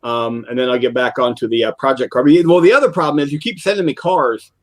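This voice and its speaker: A man's voice: medium pitch, fast talker, slight background noise. An older man co-hosting a casual hobby show, chatting in a rambling, storytelling way that often trails off. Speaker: co-host of a model car customizing show. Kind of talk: casual chat.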